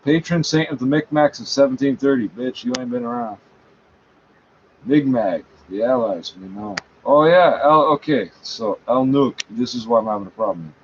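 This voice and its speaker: A man's voice: medium pitch, moderate pace, a little mellow. A man reading a page aloud and talking back to it, scornful, correcting it and swearing often. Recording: dull lo-fi sound, faint background noise.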